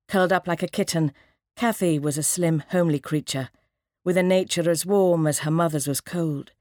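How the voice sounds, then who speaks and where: A woman narrating an audiobook in a measured, dramatic reading. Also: lowish voice, darkish tone, no room sound, studio quality.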